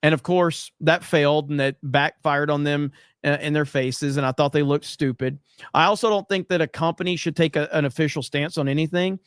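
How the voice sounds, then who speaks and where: A man's voice: on the high side, a little fast, clean tone, no room sound, studio quality. A man hosting a livestream, reading viewer messages aloud in casual, wisecracking chat with loose swearing. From USA. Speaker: livestream host reading super chats.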